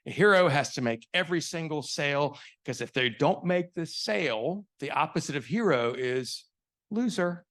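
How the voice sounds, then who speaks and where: A man's voice: fairly high pitch, expressive, normal speed, fairly bright tone. A man giving a live business talk to an audience, telling stories and asking rhetorical questions. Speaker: sales consultant giving a keynote. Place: event venue before an audience.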